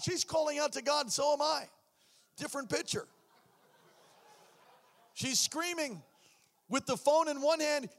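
A man preaching a sermon, telling his story with acted-out voices and shouts. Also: very high voice, animated, moderate pace, long pauses. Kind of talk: sermon testimony.

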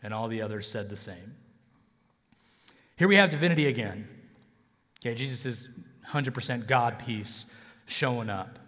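A man's voice: mid-range voice, moderate pace, long pauses, a bit bright, in a large hall. A male pastor preaching a sermon in a casual, joking way, often checking in with his listeners.

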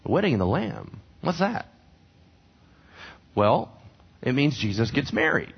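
A man's voice: mid-range voice, big pitch swings, measured pace, vocal fry, breathy edge. Guy pastor giving a chatty sermon, voice jumps all over, kinda muffled lo-fi sound. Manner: conversational, asks the congregation questions. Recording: dull lo-fi recording.

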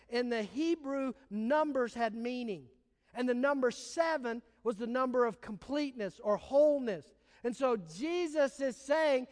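A man preaching a sermon as pastor, emphatic and storytelling, repeating his key points in a large hall. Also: very high voice. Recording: long hall reverb.

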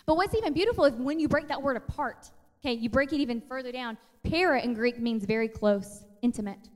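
A woman's voice: a little high, long reverb tail. A woman in her thirties giving a casual, chatty sermon, acting out quotes as she tells stories. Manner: chatty, animated storytelling with acted-out quotes. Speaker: preacher.

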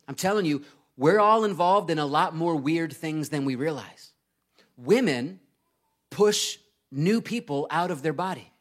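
A male preacher in his thirties delivers a sermon in a slightly high voice. He talks earnestly and with emphasis, swelling to loud urgent bursts, then sinking quiet for the scripture passages. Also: expressive, measured pace. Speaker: pastor.

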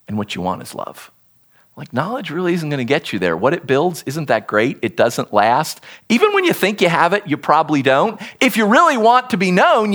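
A man delivers a sermon as a pastor with a fairly high voice. His pitch swings widely as he teaches, pressing hard on key points. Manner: expressive, emphatic teaching delivery.

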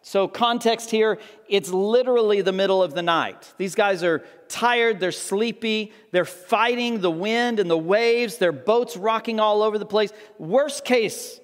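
Guy preaching, pretty high voice, chatty, acts out the story bits, big echoey church. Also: normal speed, few pauses. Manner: conversational, acts out the disciples' voices. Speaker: pastor. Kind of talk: sermon.

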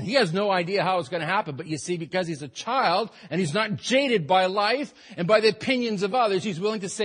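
A man preaching a sermon as pastor, animated and rising into emphatic bursts. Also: sits high, a little fast, husky.

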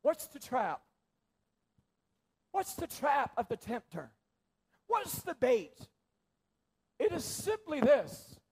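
Guy preaching in church, really high voice, goes from loud punchy bits down to almost whispering. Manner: swings between loud emphasis and near-whispers; repeats phrases for emphasis. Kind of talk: sermon.

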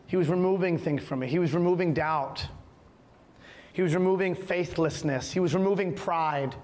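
A man's voice: sits high, normal speed, darkish tone, in a large hall. A man in middle age, a pastor preaching an impassioned sermon with emphatic repetition in a church. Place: church sanctuary.

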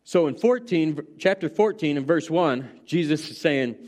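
A man's voice: a little high, lively intonation, moderate pace, darkish tone. A middle-aged man preaching a sermon, retelling scripture in a casual, storytelling way. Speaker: pastor.

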